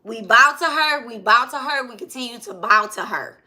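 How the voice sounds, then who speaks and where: A woman's voice: a little high, lively intonation, moderate pace, sharp tone. A woman giving a casual spiritual lesson, reading verses aloud and repeating herself, with frequent "okay?" and "right?" check-ins. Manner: repetitive, asks "okay?" and "right?" often. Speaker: spiritual teacher.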